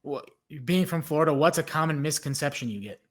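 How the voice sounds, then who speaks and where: A man with a Chicago accent hosting a podcast, asking brief, relaxed questions in casual chat. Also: a little high, brisk. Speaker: podcast host.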